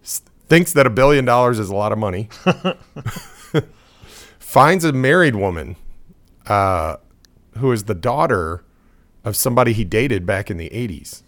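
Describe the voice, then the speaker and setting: A man's voice: on the low side, animated, normal speed, pauses often, fairly bright tone. Rambling, laughing male podcast host. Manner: laughs often, rambling and opinionated. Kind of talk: casual chat.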